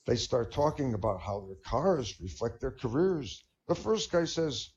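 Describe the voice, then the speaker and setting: A man's voice: mid-range voice, animated, a little slow, hardly any pauses, a little mellow, lo-fi sound. A man telling corny proctologist jokes at an online stand-up night, chuckling at his own punchlines. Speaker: comedian. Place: online voice chat room.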